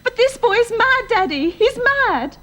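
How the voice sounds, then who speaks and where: Casting: very high-voiced teenage girl, tearful and indignant, radio drama. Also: big pitch swings, measured pace, a bit bright, exaggerated voice. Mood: distressed.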